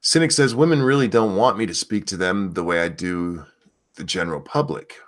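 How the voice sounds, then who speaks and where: A man with a low voice, talking a little fast, hosts a casual chat show. He rambles loosely and animatedly through crude jokes and reads out donations.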